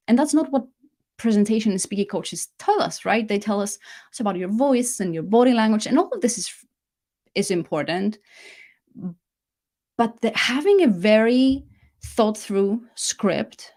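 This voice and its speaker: Chatty woman hosting a live masterclass. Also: mid-range voice. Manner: chatty, self-correcting, lively emphasis. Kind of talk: casual live talk.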